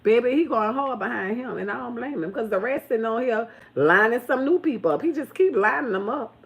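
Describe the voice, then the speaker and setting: Animated woman in a loose, swooping livestream rant. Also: brisk, creaky. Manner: animated, swooping pitch, loud bursts. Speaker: livestream host. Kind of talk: casual livestream commentary.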